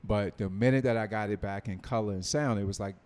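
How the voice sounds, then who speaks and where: A man's voice: lowish voice, fast, a little mellow. A middle-aged man from North Carolina, a film writer and producer, telling stories in a casual podcast interview and acting out quoted dialogue. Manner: storytelling, acts out quoted dialogue.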